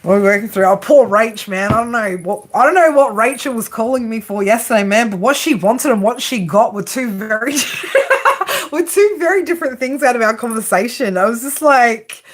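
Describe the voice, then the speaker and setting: A woman's voice: on the high side, animated, normal speed. A woman with an Australian accent giving a casual, chatty live tarot reading, laughing often and swearing freely. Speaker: tarot reader.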